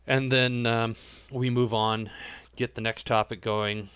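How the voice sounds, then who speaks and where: A man's voice: medium pitch, flat delivery, unhurried, fairly bright tone, clean tone, dry recording. A man leading a gaming clan meeting in voice chat, patiently explaining the rules step by step. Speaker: clan leader running a meeting. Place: online voice chat.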